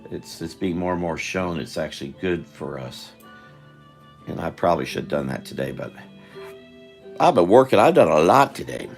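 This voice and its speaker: A tired older man with a deep, gravelly voice talks his way through a live drawing stream. He rambles, loses his thread and restarts his sentences, while faint music plays behind him. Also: animated, normal speed, long pauses. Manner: meandering, self-interrupting, chatty.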